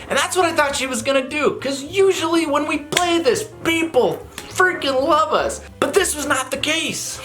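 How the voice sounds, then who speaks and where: His pitch is extremely high and his pace moderate as he tells a story to camera, laughing throughout. He's a man who sings and plays guitar in a touring band, talking in an animated, laid-back, slangy way.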